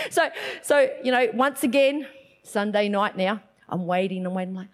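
A woman preacher shares a personal story during a sermon. Her voice sits high, and she tells the story in an excited, animated way, acting out other people's voices as she goes. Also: moderate pace.

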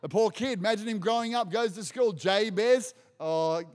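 A man's voice: sits high, moderate pace, a little mellow. A man preaching a sermon, emphatic and repeating his phrases for effect, in a large hall. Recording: long hall reverb.

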